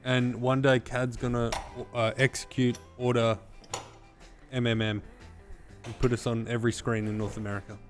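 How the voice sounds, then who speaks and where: A man's voice: mid-range voice, flat delivery, normal speed. A man co-hosts a cooking stream and cuts in with dry, teasing jokes in casual banter. Faint music plays in the background.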